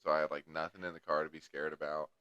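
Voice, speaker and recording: A man's voice: very deep voice, little pitch movement, very fast, sharp tone, clear, resonant tone, dry recording, muffled recording. A young man co-hosting a podcast, telling rambling stories in casual chat and swearing heavily. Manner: crude rambling storyteller, heavy swearing. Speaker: podcast co-host.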